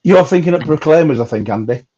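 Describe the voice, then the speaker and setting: A man's voice: fairly high pitch, expressive, fast, warm tone, husky. A middle-aged man hosting a casual live chat, joking, laughing often and breaking into bits of folk songs. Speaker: host. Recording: dull lo-fi sound.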